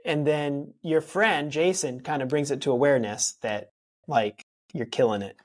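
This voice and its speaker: A man hosting a podcast, asking short, relaxed follow-up questions in casual conversation. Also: a little high, normal speed. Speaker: podcast host, life coach. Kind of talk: casual interview chat.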